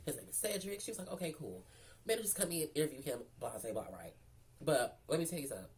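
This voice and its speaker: This Memphis, Tennessee woman has a bass voice, a little mellow, with slight background noise. A storyteller vlogger, she shares a personal story casually, sassy and foul-mouthed and chatty, addressing viewers as girl and baby.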